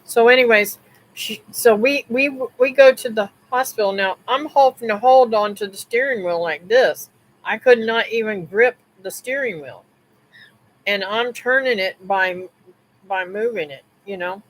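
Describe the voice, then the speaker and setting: A woman's voice: on the high side, a little slow, rough recording. Rambling woman telling a story on a live stream. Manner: rambling, with restarts and asides to viewers; mixes in religious remarks.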